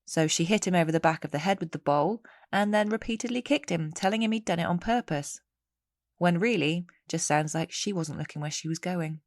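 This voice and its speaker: A woman hosts a true-crime podcast on her own, her voice sitting fairly low. She tells the case in a chatty, conversational way, breaking it up with wry asides. The recording is close and dry, with no room sound. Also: fairly quick, dry recording. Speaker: podcast host. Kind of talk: solo true-crime storytelling.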